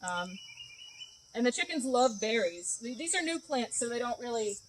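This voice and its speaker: A woman giving a relaxed, chatty tour of her chicken coop outdoors, with many fillers. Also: fairly high pitch, normal speed, slight background noise. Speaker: small farm owner giving a tour. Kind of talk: casual guided tour.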